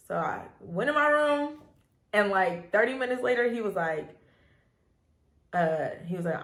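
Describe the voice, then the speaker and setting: A young woman tells a story from her childhood in a loose, animated way, often breaking into laughter. She speaks at a middle pitch on a casual parenting podcast. The room around her echoes noticeably. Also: normal speed, long pauses. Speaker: podcast co-host.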